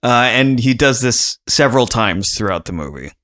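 A man's voice: medium pitch, animated, moderate pace, sharp tone. Chatty man rambling on a podcast. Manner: chatty, rambling, laughs often. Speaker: podcast co-host. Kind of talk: casual podcast chat.

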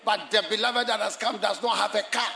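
A man preaching a sermon in a church, animated and often shouting and laughing as he addresses the congregation and online viewers. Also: sits high, a little fast, vocal fry, background noise. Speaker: pastor.

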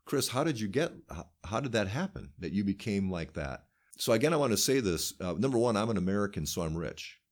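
A man's voice: lowish voice, sing-song, brisk. A man who is a pastor, talking earnestly in a casual faith discussion and quoting scripture as he goes. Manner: earnest, quotes scripture often.

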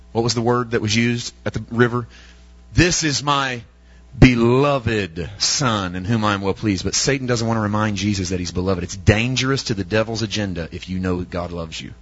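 A man's voice: fairly low pitch, normal speed, fairly bright tone, slightly rough, dull audio. A male preacher delivering an emphatic sermon, often asking his listeners rhetorical questions.

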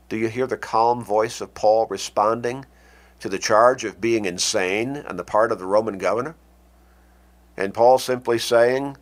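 Guy preaching real slow, deliberate, lots of dramatic pauses. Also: on the low side. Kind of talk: sermon.

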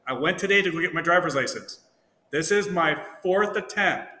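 Bright animated man in an echoey room. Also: on the high side, normal speed. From Ontario, Canada. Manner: animated storyteller acting out quoted dialogue. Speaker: guest. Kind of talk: casual chat, anecdotes. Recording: roomy echo with long reverb, faint noise.

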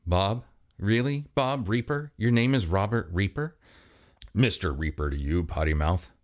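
A man voicing a brash, foul-mouthed young party host in a high, shouty, exasperated voice. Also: animated, unhurried.

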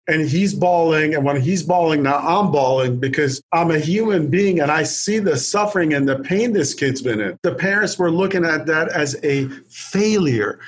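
A man's voice: fairly high pitch, expressive, normal speed, hardly any pauses. Earnest man telling a heartfelt story. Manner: heartfelt, repeats words while searching for them. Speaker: addiction specialist guest.

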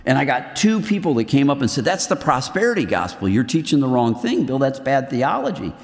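Lively, earnest male preacher in a hall. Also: medium pitch, a little fast. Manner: lively, earnest preaching that swings between loud and hushed. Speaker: men's ministry speaker. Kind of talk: sermon.

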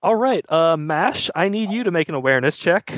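A man's voice: fairly high pitch, lively intonation, a little fast, no room sound, low-quality recording. A man running a tabletop game as game master, narrating in a casual, loose way. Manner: casual, loose, laughing often.

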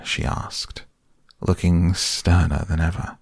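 A man reading a storybook aloud as narrator, in a measured, deliberate way. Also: sits low, steady tone, vocal fry, no echo, clean studio sound.

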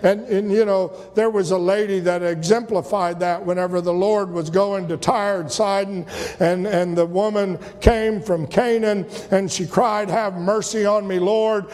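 A man preaching a sermon, retelling scripture stories and acting out the voices, sometimes rising to shouts. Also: high-pitched, steady tone, a little slow. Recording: long hall reverb.

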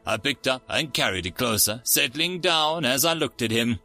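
A man's voice: mid-range voice, lively intonation, moderate pace, pushed and bright, faint music behind. A man narrating a first-person story in a wry, sardonic way.

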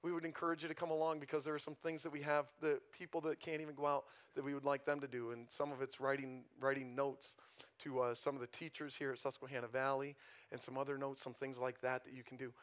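A man's voice: medium pitch, flat delivery, fast. A male pastor preaching a conversational sermon in a church, often asking the congregation rhetorical questions.

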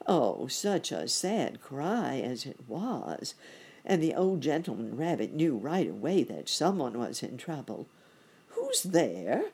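A woman reading a children's bedtime story aloud in a gentle, expressive way. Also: extremely low pitch, a little slow, slightly rough.

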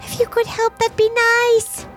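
Woman doing a squeaky pleading adventurer girl. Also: monotone, unhurried, fairly bright tone, soft background music.

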